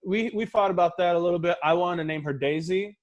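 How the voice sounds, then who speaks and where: Profane high-voiced comedian in his thirties. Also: fast talker, dull audio. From Los Angeles. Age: 30s. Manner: casual, profane storytelling with acted-out voices. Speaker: stand-up comedian. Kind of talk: stand-up set. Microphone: video call.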